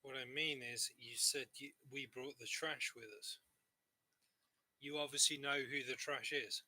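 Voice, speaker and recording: Bright-voiced man role-playing a character. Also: medium pitch, fairly even intonation, unhurried. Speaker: player voicing his character.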